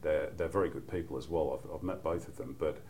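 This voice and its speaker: A middle-aged football commentator with a Mancunian English accent chats as a guest on a relaxed podcast, rambling through anecdotes full of "you know" and restarts. His voice is very deep, quick and mellow, with slight background noise.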